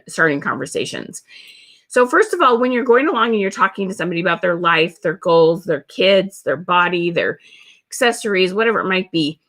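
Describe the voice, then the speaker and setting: A woman teaches a sales webinar. Her voice is bright and clear. She drives each point home by repeating words over and over. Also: on the low side. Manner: emphatic, repeats words for stress. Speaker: social media sales coach.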